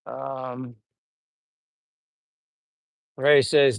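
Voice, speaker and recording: A man's voice: medium pitch, normal speed, clear, resonant tone, no room sound, muffled recording. A middle-aged man rambling through funny old stories while reading out live chat on a casual stream. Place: home in the Philippines.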